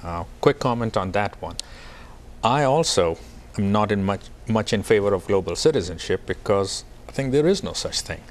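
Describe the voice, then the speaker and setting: A man's voice: on the low side, lively intonation, normal speed. A man joining a TV talk show discussion as a panelist, starting his remarks with brief hesitations.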